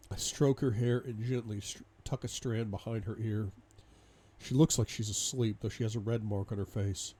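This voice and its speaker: A man's voice: fairly low pitch, fairly even intonation, moderate pace, dark tone. A man reading a first-person audiobook in an intense, dramatic way. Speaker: audiobook reader.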